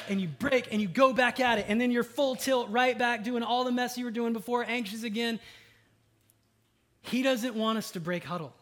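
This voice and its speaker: A man delivering a sermon from the pulpit in a fairly high voice. He talks conversationally, with asides and fillers. He rises to loud, emphatic lines and drops to quiet, low ones. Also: normal speed. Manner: dynamic, swings from loud emphatic to soft and low. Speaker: pastor.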